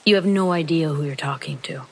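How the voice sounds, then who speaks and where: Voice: mid-range voice, a little fast, close to an everyday voice. A narrator voicing a bullying older man with a vague German-sounding edge, speaking in a menacing, condescending way.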